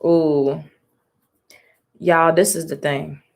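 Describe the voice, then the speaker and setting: A woman with a fairly low voice reacts live as she reads a comic to her stream. She exclaims and swears freely, talks straight to her viewers, and reads the characters' lines aloud between her own comments. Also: fairly even intonation, very slow, vocal fry. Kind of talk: casual live reading and reaction.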